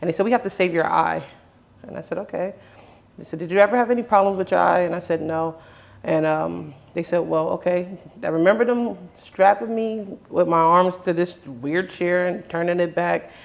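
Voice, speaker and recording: A man with a high, gravelly voice hosts a conversation at a moderate pace. Earnest in tone, he tells his own story, often backing up to restart and quoting other people's words.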